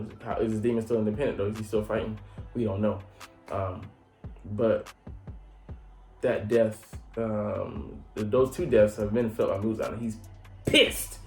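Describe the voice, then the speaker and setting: Low-voiced guy rambling thru an anime recap, lots of cussing and um you know, roomy echo. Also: darkish tone. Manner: rambling, profane, full of fillers. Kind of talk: casual episode recap. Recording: echoey room with faint music.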